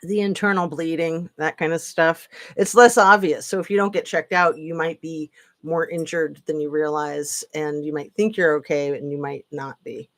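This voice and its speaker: A woman's voice: sits low, fairly even intonation, normal speed. A woman hosting a live stream, rambling and sarcastic with lots of fillers, tired late at night. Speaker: political commentary channel host. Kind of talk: casual live-stream commentary.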